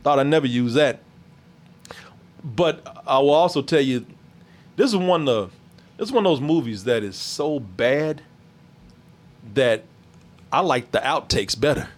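A man's voice: medium pitch, lively intonation, unhurried, long pauses. A man chatting casually about a bad movie, laughing often and swearing freely. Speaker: movie reviewer. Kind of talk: casual profane chat.

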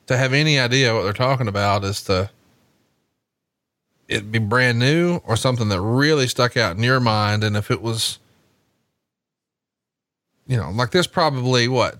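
A man hosting a podcast, chatting casually and telling animated stories while watching a wrestling match. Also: mid-range voice, no echo. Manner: animated storytelling, swears casually. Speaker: podcast host.

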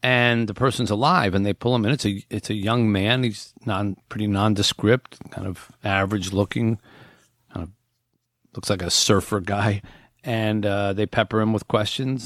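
A man with a lowish voice hosts a casual podcast and walks listeners through a story, sprinkling in ums and restarts as he goes. He sounds close to the mic in a dry, dead room. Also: steady tone, normal speed, dry recording. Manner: conversational storytelling with frequent fillers and restarts. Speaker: podcast host. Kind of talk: casual podcast, retelling a book's plot.

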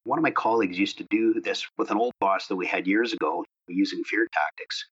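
A man with a low, husky voice co-hosts a casual podcast chat. He talks in a relaxed, conversational way. The recording sounds dull and lo-fi. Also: fairly quick. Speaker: co-host.

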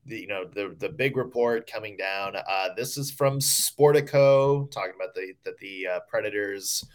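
A man's voice: lowish voice, normal speed, few pauses. A man co-hosting a casual sports podcast, chatty and joking, with lots of fillers. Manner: jokey, chatty, many fillers. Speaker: podcast co-host.

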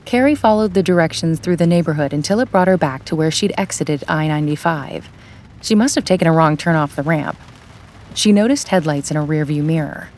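A woman reading audiobook narration in a calm, measured way. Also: sits low, slight background noise.

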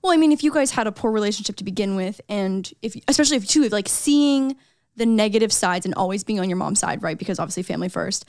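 A woman's voice: medium pitch, lively intonation, fast, a little mellow, no echo, studio quality. A young woman co-hosting a podcast, chatty and empathetic, with lots of "like". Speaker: podcast co-host. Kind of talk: casual podcast chat.

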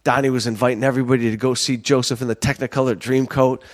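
Man, podcast host, casual storytelling, rambling, self-mocking, animated, mid pitch. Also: fast talker.

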